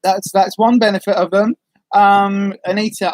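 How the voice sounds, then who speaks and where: A chatty woman rambles warmly through a livestream, stopping often with ums to answer viewer comments. Her voice sits mid-range, and the sound is dry and close with no room to it. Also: medium pitch, level tone, moderate pace, no echo. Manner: rambling, friendly, frequent ums and asides. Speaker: vlogger, livestream host. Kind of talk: casual chat reading viewer comments.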